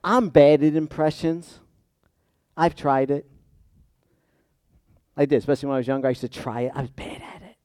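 A middle-aged man preaches a sermon in an easy, conversational way. His voice sits a little high and swings from loud, emphatic peaks down to quiet asides. The sound is dry and close, with no room echo. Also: normal speed, long pauses, clear, resonant tone. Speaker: pastor.

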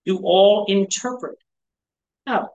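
A man delivers a sermon in an easy, conversational way, as a pastor addressing a small church group. He keeps checking in with the room through rhetorical questions and quick tags like "right?", and moves between teaching and personal asides. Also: high voice, darkish tone, rough recording. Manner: rhetorical questions, frequent "right?" and "you know". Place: church gathering.

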